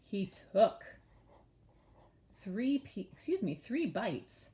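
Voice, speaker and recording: A woman teaching young children their sight words, spelling each word letter by letter in a patient, expressive way. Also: medium pitch, extremely slow, roomy sound. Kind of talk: early-grades reading lesson.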